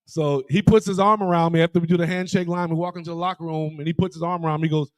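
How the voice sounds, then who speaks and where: Man, high voice, dry close sound; animated storyteller who acts out every quote. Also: rapid-fire, dry recording. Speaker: former college basketball player and broadcaster, guest. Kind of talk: casual storytelling. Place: bar, live show.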